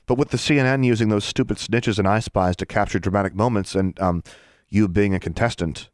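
A man voicing an earnest, kind young schoolgirl in an audiobook, gentle and a little hesitant. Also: lowish voice, fairly quick, no room sound, clean studio sound, close to an everyday voice. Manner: gentle and chatty, slightly hesitant.

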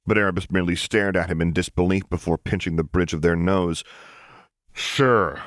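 A man reading fan fiction aloud as an audiobook, narrating in a calm, even storytelling manner. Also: sits low, fast, clean tone, no room sound, clean studio sound. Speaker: audiobook reader.

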